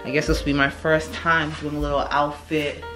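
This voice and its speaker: A woman in her thirties telling a dating story to her viewers in a casual, animated way, often calling out to them as y'all. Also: sits low, brisk, music in the background, poor audio. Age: 30s. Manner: animated, exclaiming, mimics others, addresses viewers as y'all. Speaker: vlogger. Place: home kitchen.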